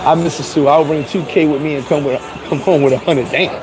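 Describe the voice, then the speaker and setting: A man vlogging outdoors in town, telling stories in an emphatic, animated casual rant. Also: on the high side, a little fast, rough recording.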